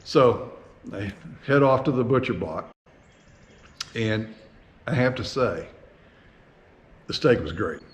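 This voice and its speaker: A man hosting his own flying vlog, telling a travel story in a casual, animated way with plenty of fillers and restarts. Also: medium pitch, slow pace, pauses often. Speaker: vlog host and private pilot.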